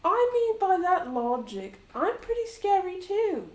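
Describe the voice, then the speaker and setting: A woman's voice: extremely high pitch, sing-song, measured pace, voice pushed up, full character voice. A woman playing a charming young woman in tabletop role-play, teasing and fondly bossy. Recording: roomy echo.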